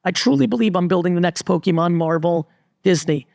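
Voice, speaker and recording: Gravelly, high-pitched emphatic man on stage. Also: quick pace, darkish tone, dry recording, studio quality. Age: middle-aged. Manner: blunt, emphatic, repeats "literally". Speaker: entrepreneur and guest speaker. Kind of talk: live stage talk to an audience. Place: resort event stage before a live audience.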